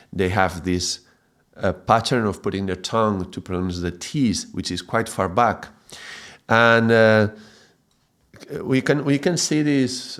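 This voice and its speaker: A man explains a lesson in a somewhat low voice. He talks haltingly, repeating and restarting words and checking in with a quick "yeah?" as he goes. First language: Spanish. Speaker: mantra teacher.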